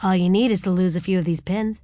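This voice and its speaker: A woman's voice: lowish voice, steady tone, fast talker, dark tone, no room sound, close to an everyday voice. A woman voicing a charming, wealthy male yachtsman who teases in a crooning way. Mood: teasing. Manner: teasing, crooning. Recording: dry close audiobook studio.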